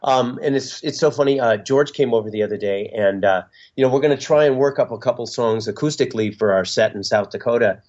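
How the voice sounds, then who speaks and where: A middle-aged male musician guest speaking in an easygoing, reflective way, often pausing on little fillers. His voice sits at an ordinary middle pitch. The audio is a bit dull and lo-fi. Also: a little mellow. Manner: reflective and openly sentimental, easygoing with frequent fillers. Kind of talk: interview conversation.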